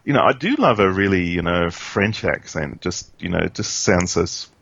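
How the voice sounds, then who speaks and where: A lower-pitched man with a nasal drone talks on a casual podcast. He hesitates often and pokes fun at himself. His audio is dull and dry. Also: animated, moderate pace, vocal fry, fairly bright tone, slightly rough, dry recording. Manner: self-deprecating, hesitant. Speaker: podcast co-host. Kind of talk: casual chat.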